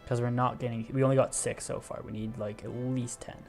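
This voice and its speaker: A man's voice: medium pitch, flat delivery, fairly quick, vocal fry, a little mellow, faint music behind. A young man casually commentating his strategy game, thinking aloud and explaining as he clicks, often correcting himself. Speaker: gaming video host.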